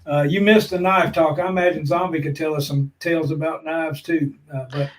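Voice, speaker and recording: A man's voice: a little high, fairly even intonation, a little fast, rough recording. A man, co-hosting a casual live-stream chat in a folksy, joking way. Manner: folksy, jokey, calls people brother. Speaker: prepping channel co-host.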